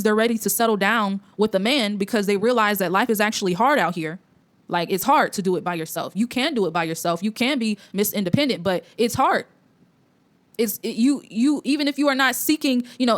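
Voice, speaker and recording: A young woman hosting an opinion commentary vlog, talking in a preachy, blunt way with lots of fillers and restarts. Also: medium pitch. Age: young adult. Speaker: commentary host.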